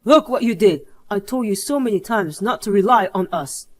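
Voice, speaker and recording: A woman's voice: mid-range voice, animated, normal speed, voice pushed down, natural voice. A woman's voice, probably synthetic, reading the lines of an angry adult man who scolds urgently in a drama story. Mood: scolding.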